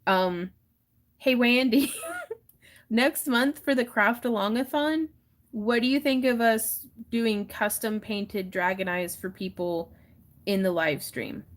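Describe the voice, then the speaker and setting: A woman's voice: a little high, slow pace. A woman hosting a crafting livestream, chatting casually and laughing often while she wire wraps. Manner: giggly, chatty, acts out little voices in her stories.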